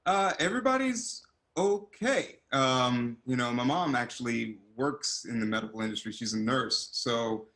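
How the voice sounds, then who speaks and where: A man in his forties, an actor, chatting as an interview guest over a video call and telling stories animatedly, with loud excited quotes. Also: mid-range voice, normal speed, poor audio. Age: 40s.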